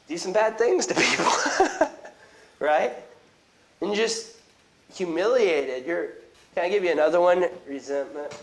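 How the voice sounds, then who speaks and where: A male pastor preaching a sermon in church, in a conversational, animated manner with quick restarts and asides. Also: high voice, low-quality recording. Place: church sanctuary.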